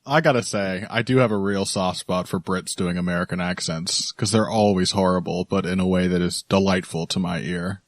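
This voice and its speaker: A man hosting a podcast in relaxed, chatty talk, laughing often. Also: deep voice, fairly quick, few pauses, no room sound, clean studio sound. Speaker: podcast host. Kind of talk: casual podcast chat.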